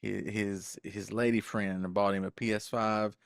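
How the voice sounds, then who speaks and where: An older man co-hosting a casual podcast with a low voice. He jokes in a folksy way and talks straight to his chat. The recording is dry and close. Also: level tone, a little slow, gravelly, dry recording. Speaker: co-host.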